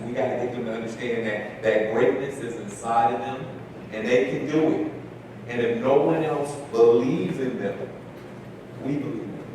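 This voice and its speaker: A man telling stories as a conference keynote speaker, animated and driving his points home by repeating them. He sounds distant from the mic, and his voice booms around a large hall with a steady hiss of background noise. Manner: animated, repeats key phrases for emphasis. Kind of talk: inspirational storytelling speech. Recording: echoey hall from far off, noisy.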